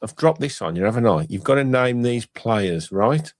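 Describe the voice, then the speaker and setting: A man's voice: mid-range voice, animated, normal speed, dry recording. A middle-aged man from England hosting a casual phone-in, chatty and teasing, repeating words as he goes. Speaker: phone-in host. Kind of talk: casual radio phone-in chat.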